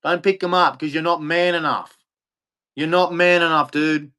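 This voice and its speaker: A man with an Australian accent rants to the camera in a bitter, profane monologue. He circles back over the same complaints and curses freely. His voice sits a little higher than most men's. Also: fairly even intonation, normal speed, sharp tone. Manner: bitter, profane, repeats himself. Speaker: vlogger. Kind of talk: angry ranting monologue.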